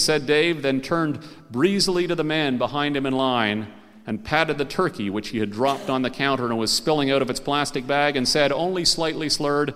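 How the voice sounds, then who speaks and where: A man telling a comic story live on a concert stage, animated and playful and acting out the characters. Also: mid-range voice, moderate pace, clean tone. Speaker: storyteller and radio host. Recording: live concert recording with hall reverb.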